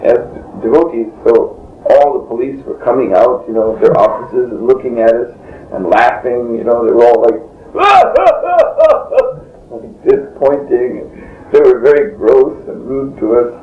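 A man's voice: mid-range voice, fairly even intonation, normal speed, dark tone. A man being interviewed, telling a long story in a rambling way, often breaking off and chuckling. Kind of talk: casual spoken storytelling. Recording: dull lo-fi tape in a roomy space, faint hiss.

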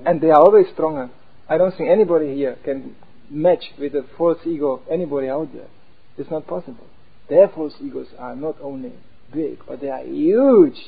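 A male preacher delivers an animated talk and keeps slipping into the voices of the characters he describes. His voice sits slightly high and has a gravelly, husky grain. The recording is thin and narrow, like a phone call. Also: normal speed. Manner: animated, acts out inner voices. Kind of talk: sermon-style talk. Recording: tinny phone-like sound.

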